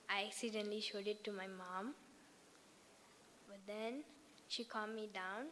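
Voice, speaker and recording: A woman's voice: mid-range voice, a bit bright. Woman questioner telling a brief story before asking, long hall echo, faint hiss. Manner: tells a short personal story, then asks. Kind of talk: asking a question at a live gathering.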